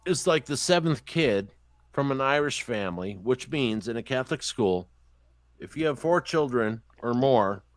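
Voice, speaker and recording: A man tells stories on a podcast in loose, casual chat, swearing freely and acting out what others said. His voice sits at an ordinary middle pitch. The recording is dry, with little room sound. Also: moderate pace, no room sound. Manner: profane, animated storyteller. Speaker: podcast host.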